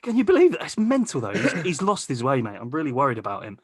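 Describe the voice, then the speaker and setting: Bloke rambling through a story on a podcast, lots of swearing, dry close sound. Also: male voice, medium pitch, huge pitch swings, fast, slightly rough, dry recording. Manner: sweary, rambling, laughs mid-sentence. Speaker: podcast host. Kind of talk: casual storytelling chat.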